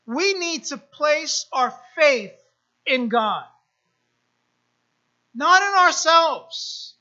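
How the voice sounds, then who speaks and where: A woman's voice: high-pitched, big pitch swings, extremely slow, pushed and bright. A woman pastor preaching a sermon, repeating phrases and building emphasis, with asides to the congregation. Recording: dull lo-fi sermon recording.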